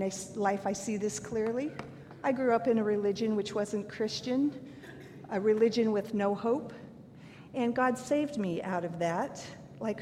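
An older woman giving a sermon, earnest and candid, mixing scripture with self-deprecating stories from her own life. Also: dark tone. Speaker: preacher. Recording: long hall reverb, faint rumble.

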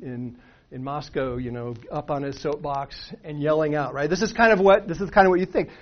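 A middle-aged man preaching a sermon, talking it through casually with restarts and "right?" questions to the room. His voice sits a little high for a man. The recording is muffled and lo-fi. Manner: conversational, with restarts and rhetorical questions. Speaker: pastor. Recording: dull lo-fi sound.

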